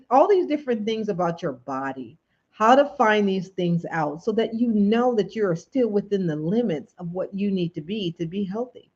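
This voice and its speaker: Her voice is mid-range and slightly mellow as she runs a late-night livestream, saying hello to viewers and posing preachy questions to her audience. The sound comes through as dull, lo-fi stream audio.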